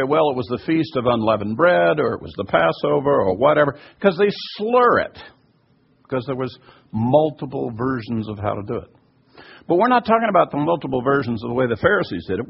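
Here a man gives a teaching talk based on scripture, taking questions from listeners in a fairly high voice that is creaky and husky. His delivery is emphatic and full of tangents, with "by the way" coming up again and again. The recording is muffled and lo-fi.

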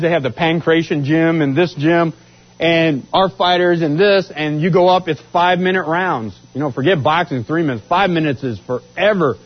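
A man from Washington state telling his life story as a testimony, acting out what others said. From Washington state, USA. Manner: animated, acts out quotes with rising pitch. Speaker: speaker giving a testimony. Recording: dull lo-fi sound.

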